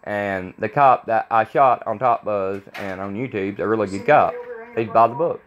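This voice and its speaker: A man's voice: lowish voice, moderate pace, a bit bright, highs cut off. A man in his thirties, a vlogger talking to camera in a blunt, rambling way, repeating himself. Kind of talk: casual rambling monologue to camera.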